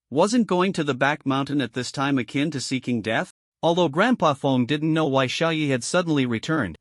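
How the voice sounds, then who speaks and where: A man tells a fantasy tale as a scripted recap narrator. His voice sits a little high and moves around a lot in pitch. The sound is dry and close, with no room around it. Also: no room sound.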